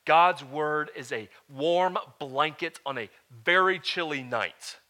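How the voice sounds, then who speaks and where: A man preaching as a pastor, moving from loud, emphatic lines to quieter, earnest teaching and asking his listeners "all right?". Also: on the high side, takes it slowly. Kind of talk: sermon.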